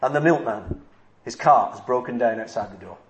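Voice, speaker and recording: A man's voice: mid-range voice, lively intonation, moderate pace. A man preaching a sermon, earnest and emphatic, repeating his key phrases. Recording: echoey room.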